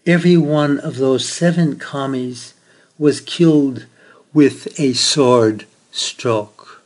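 A man voicing a kindly middle-aged male Marine sergeant who speaks gently and slowly. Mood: gentle, puzzled. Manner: gentle, low and measured.

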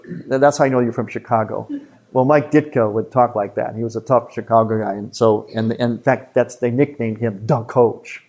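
Man, priest, retreat talk, earnest, emphatic, mid-pitched voice. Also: fairly even intonation, darkish tone. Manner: earnest and emphatic, with quick asides. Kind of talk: retreat talk to a live audience.

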